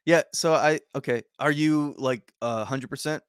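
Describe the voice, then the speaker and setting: A man's voice: medium pitch, moderate pace, smooth, no echo, studio quality. A man hosting a casual chat, friendly and teasing, laughing often. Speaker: podcast host.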